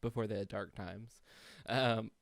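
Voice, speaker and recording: A man's voice: lowish voice, fairly even intonation, slow, vocal fry, a crowd in the background. A man co-hosting a podcast, chatting in a laid-back, jokey way. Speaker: podcast co-host. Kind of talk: casual chat.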